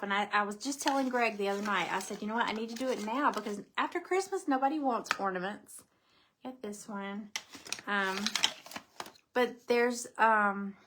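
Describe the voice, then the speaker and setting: A woman's voice: mid-range voice, a bit bright, a little hiss or hum. A middle-aged woman, chatting casually and at length with her live viewers, repeating herself and saying "you know" a lot. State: out of breath. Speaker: craft business owner.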